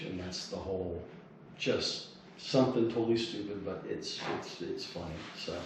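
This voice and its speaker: A man's voice: low-pitched, moderate pace, distant mic. A man casually explaining a comedy sketch, rambling with fillers and restarts. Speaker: comedy sketch director and actor. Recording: echoey room with faint noise.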